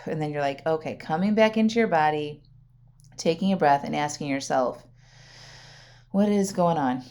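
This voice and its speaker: A talkative woman coach hosts her own podcast, speaking at normal speed in a slightly low voice. She addresses listeners directly and casually, often ending sentences with "right?" or "okay?" and laughing easily.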